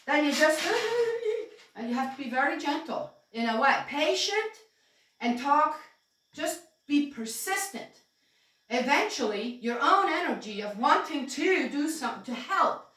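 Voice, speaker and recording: A woman telling her own story in a casual, rambling way, full of fillers, soft laughs and asides to herself. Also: high voice, lively intonation, a little slow. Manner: talks to herself aloud. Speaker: spiritual storyteller. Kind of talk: casual spoken memoir narration. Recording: very echoey room, distant mic, faint hiss.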